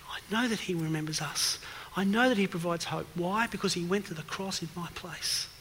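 A man's voice: sits high, fairly quick, a bit bright, a little hiss or hum. A man preaching an evening sermon who asks questions and presses home his points with emphasis, recorded in a church hall with a long reverb. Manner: questioning, emphatic, rises in force.

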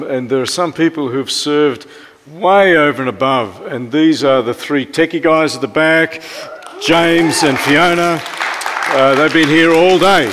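An Australian man in his fifties preaching a sermon as pastor, telling stories and often dropping to a soft hush. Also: a little high, background noise. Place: church. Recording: long church reverb.

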